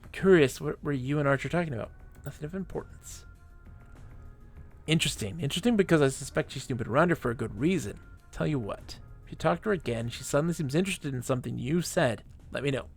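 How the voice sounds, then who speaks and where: A man's voice: fairly high pitch, expressive, quick pace, vocal fry, soft background music. A man reading the lines of a scheming male corporate informant in a space game, in a conspiratorial tone.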